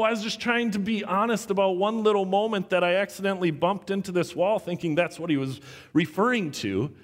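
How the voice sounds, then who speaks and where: High-voiced preacher in a reverberant hall. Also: male voice. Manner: animated storytelling, acting out quoted voices. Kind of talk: sermon with personal story.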